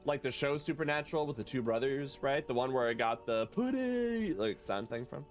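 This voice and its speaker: Faint music sits behind this man's gaming livestream, where he plays and chats with viewers in a lively, joking manner. He speaks fairly quickly in a mid-range voice.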